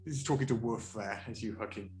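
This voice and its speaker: A man narrating a tabletop game as game master, animated and laughing, with many fillers. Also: lowish voice, a little fast. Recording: roomy echo with faint music.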